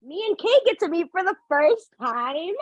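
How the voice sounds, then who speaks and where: A woman co-hosting a podcast, chatty and quick to laugh in casual talk. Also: extremely high pitch, animated, dry recording, highs cut off. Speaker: podcast co-host. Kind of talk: casual chat.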